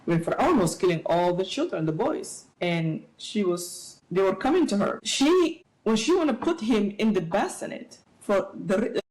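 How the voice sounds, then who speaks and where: A middle-aged woman speaking as an interview guest, giving animated, preachy advice with playful asides. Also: mid-range voice, moderate pace, few pauses, poor audio. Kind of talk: casual interview talk.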